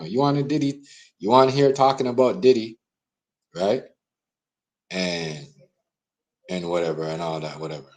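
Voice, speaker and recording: A young man, live-streaming a heated, repetitive rant that swings from loud outbursts to low mutters. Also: low-quality recording. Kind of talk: ranting live-stream commentary.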